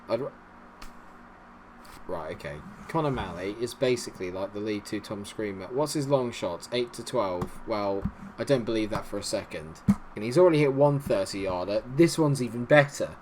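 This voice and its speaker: A man giving casual, animated commentary on a football management game, swinging between cheering and grumbling. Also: medium pitch, normal speed, a little hiss or hum. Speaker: gaming YouTuber.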